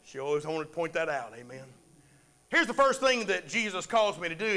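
A man's voice: a little high, sing-song, brisk, pushed and bright. A man preaching a sermon in church, calling for amens from the congregation. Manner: preaching with call-and-response amens. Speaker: pastor.

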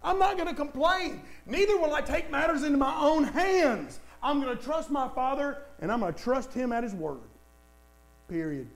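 A man voicing Jesus in a sermon, calm, firm and trusting. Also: very high-pitched, normal speed. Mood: resolute. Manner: firm, plain resolve.

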